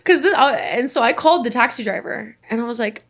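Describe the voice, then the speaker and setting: A young woman guest in casual conversation, telling a story in an animated way and acting out the voices of the people in it. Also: fairly high pitch, a little fast. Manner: animated, acts out voices in her stories.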